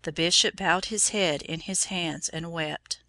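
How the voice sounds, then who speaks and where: A woman narrating a storybook in a measured, solemn way. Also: fairly low pitch, fairly even intonation, sharp tone, no echo.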